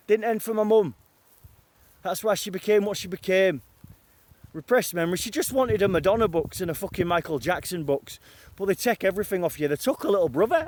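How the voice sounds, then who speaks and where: A man from northern England with a high-pitched, brisk voice delivers a raw, rambling, profane confessional monologue, jumping between quotes and rants.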